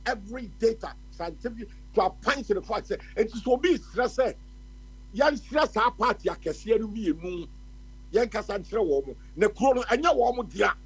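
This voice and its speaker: A man's voice: high-pitched, expressive, normal speed, husky, poor audio. A man with a Ghanaian accent giving impassioned political commentary on the radio, switching between Twi and English. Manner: impassioned, ranting. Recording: radio phone-in stream.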